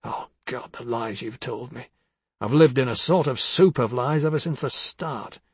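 A man's voice: medium pitch, moderate pace, slightly rough, no echo, lightly acted. A man reading as a bitter, jealous husband. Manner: bitter, accusing, swings from hushed to harsh. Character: bitter, jealous older husband, bullying and weary. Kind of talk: dramatic audiobook reading.

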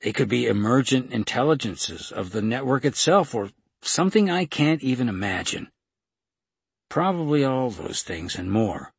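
Audiobook side character: uncertain, speculative male informant, read by the narrator, husky and dry. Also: mid-range voice, very animated, normal speed, no echo, voice pushed up, full character voice. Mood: musing. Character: earnest, rambling male informant.

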